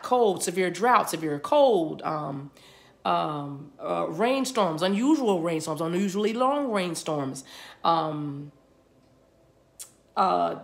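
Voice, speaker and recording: A woman's voice: on the low side, creaky. A woman giving a rambling, channeled spiritual reading, often repeating words as they come to her. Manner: rambling, repeats words as she receives them. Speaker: spiritual reader. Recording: spiritual reading recorded for a video.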